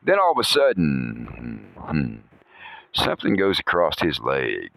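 A middle-aged man hosting a podcast, telling a crude rambling comic story with chuckles, dropping to low mutters and jumping to high exclamations. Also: gravelly, fairly bright tone, no echo, low-quality recording. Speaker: podcast host.

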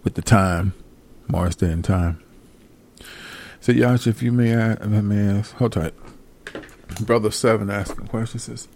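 A man's voice: fairly low pitch, steady tone, a little slow, pauses often, darkish tone. A man hosting and answering viewer questions, talking in a blunt, profane, streetwise manner. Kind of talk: casual live commentary.

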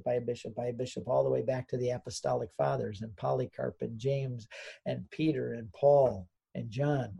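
Gravelly older man telling his story. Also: mid-range voice, dark tone. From United States. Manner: earnest storyteller, gets choked up, voices quoted people. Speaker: interview guest, Catholic convert author.

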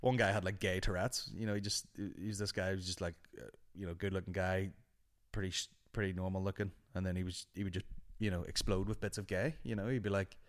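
A young man hosting a podcast, telling a casual, animated and sweary story. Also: low voice, fast talker. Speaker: podcast host.

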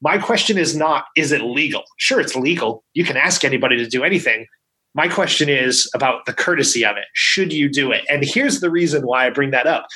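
A man's voice: medium pitch, lively intonation, fairly quick, sharp tone, poor audio. A man co-hosting a weekly podcast in casual chat, making his points emphatically and checking in with "right?". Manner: emphatic, argumentative, keeps asking "right?". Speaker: podcast co-host.

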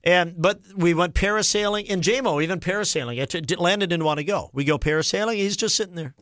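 A man in his forties hosting a radio talk show, telling stories in an animated, exasperated way. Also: high voice, quick pace, no echo, studio quality. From Minnesota. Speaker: radio host. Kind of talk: casual chat. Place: radio studio.

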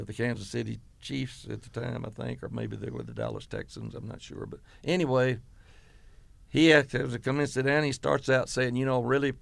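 Gravelly old man reminiscing. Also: medium pitch, dry recording. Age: 80s. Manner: meandering reminiscence with many fillers and quoted dialogue. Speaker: retired football coach. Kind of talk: oral history interview.

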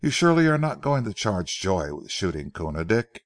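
A man voicing a haughty, mocking gentleman who brushes off a policeman's questions. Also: deep voice, sing-song, normal speed, no room sound, clean studio sound. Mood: scornful. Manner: scornful, dismissive laughter in his words.

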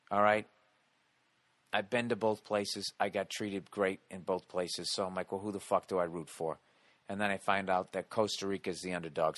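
An American man telling a comedic story and ranting, loud and animated, swearing constantly and tossing in rhetorical "okay?" asides. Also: on the low side. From United States. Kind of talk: profane comedic storytelling rant.

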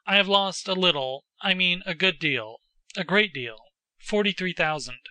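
An ashamed young nobleman son, done by a man reading a storybook, hiding guilt behind a forced, casual tone. His voice is bright and sits a little high, recorded dry and close. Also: expressive, moderate pace, dry recording, heavily acted, low-quality recording. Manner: forced casual, then pleading.

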